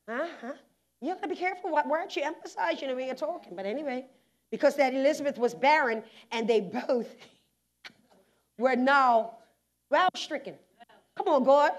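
A Bermudian woman pastor preaching a sermon in a church, moving from quiet conversational stretches to loud shouts with laughing asides. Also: high-pitched, expressive, moderate pace. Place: church sanctuary.

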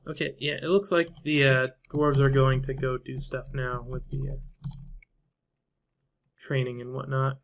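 A man's voice: mid-range voice, flat delivery, a little slow, long pauses. A man casually commentating his own strategy game play, thinking aloud and trailing off with fillers and half-finished thoughts. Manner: musing to himself, trailing off with fillers. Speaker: gameplay commentator.

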